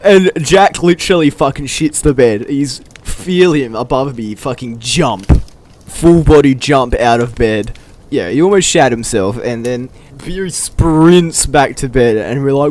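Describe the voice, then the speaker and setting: Brief: young guy, casual storyteller, laughs and curses a lot, mid-pitched voice. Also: normal speed, a little hiss or hum. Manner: profane, laughing, animated quoting of friends. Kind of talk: casual anecdote telling.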